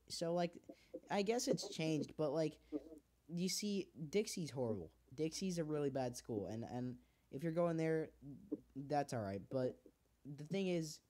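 A man's voice: fairly high pitch, animated, measured pace, mellow. A teenage man hosting a podcast, talking in casual, heartfelt rambles full of fillers and swearing. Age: teens. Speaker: podcast host. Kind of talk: casual chat.

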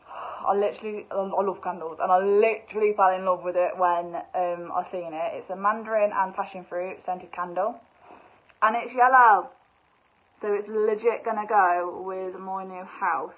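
A young woman, bubbly and excitable, chatting casually through a shopping haul with lots of fillers. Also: medium pitch, normal speed. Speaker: vlogger. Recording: tinny phone-like sound.

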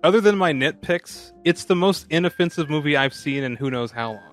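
A man co-hosting a casual movie-review podcast, wry and quick to laugh, swearing casually. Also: fairly high pitch, animated, faint music behind. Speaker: podcast co-host. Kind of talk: casual movie-review chat over beer.

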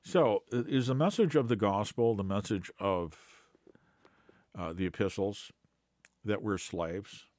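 A man's voice: fairly low pitch, a little slow, darkish tone, no room sound. A man giving an unscripted Bible teaching, hesitant with many fillers and restarts, then pressing points with scornful emphasis.

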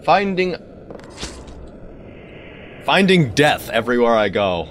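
A man giving let's-play commentary on a game, animated and talking back to the things on screen with sudden exclamations. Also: a little high, takes it slowly, pauses often, slight background noise. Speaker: gaming video creator.

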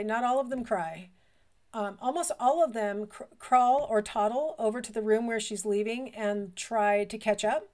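Middle-aged woman lecturer, mid-pitched, relaxed and conversational, lots of ums as she explains. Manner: conversational, explanatory, with frequent fillers. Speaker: college lecturer. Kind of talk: recorded lecture.

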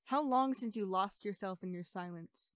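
A woman's voice: medium pitch, moderate pace, no room sound, studio quality, lightly acted. A woman actor playing a wistful, questioning woman's voice of memory in an experimental theater monologue. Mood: probing. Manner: questioning, shifting between soft and pressing. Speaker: stage actor.

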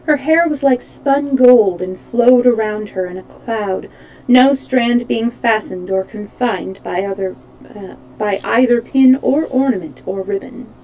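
Woman, storybook reading, calm, steady, mellow, occasional self-corrections, live stream at home. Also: a little high, a little slow, a little hiss or hum, rough recording. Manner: calm, even reading with small slips. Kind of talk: reading a children's book aloud.

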